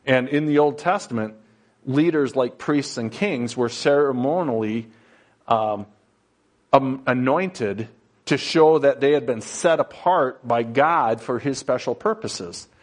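A man preaching a sermon in a slow, conversational style, often pausing on fillers and building to emphatic, rising passages. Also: mid-range voice. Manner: plain storytelling with frequent fillers.

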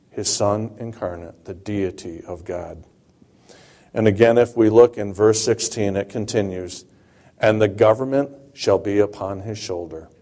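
A man preaching a sermon, reading Bible verses aloud and explaining them in a slow, measured way. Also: on the low side, a little mellow.

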